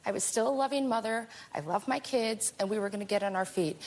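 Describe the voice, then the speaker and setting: A middle-aged woman, a talk show guest, speaking in a forceful, indignant way. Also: a little high, brisk, rough recording. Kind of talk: emotional testimony on a talk show.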